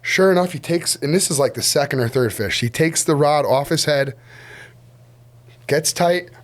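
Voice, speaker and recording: A man's voice: on the high side, moderate pace. A man from the United States telling fishing stories in casual podcast chat, laughing often and acting out what other people said. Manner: storytelling, laughing, acts out other voices. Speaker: podcast guest, fishing guide.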